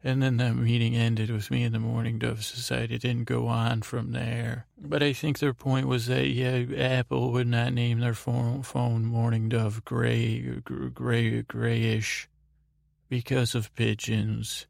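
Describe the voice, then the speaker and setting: A man hosting a sleep podcast, meandering through a rambling monologue in a halting, stammering, drowsy way. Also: mid-range voice, little pitch movement, vocal fry, darkish tone, dry recording, studio quality. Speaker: podcast host.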